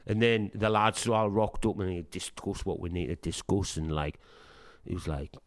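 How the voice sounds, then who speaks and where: A middle-aged man with a Northeast English Sunderland accent, a punk singer telling lively anecdotes in a casual interview, acting out quoted dialogue and swearing freely. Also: sits low, normal speed, no echo, studio quality. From Sunderland, England. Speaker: punk band singer, guest.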